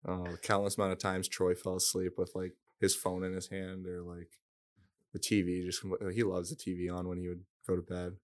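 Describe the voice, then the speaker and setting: Young pro athlete, deep monotone, relaxed chatter full of fillers. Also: male voice, brisk. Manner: laid-back, flat, filler-heavy telling. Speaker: pro hockey player, guest. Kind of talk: casual chat.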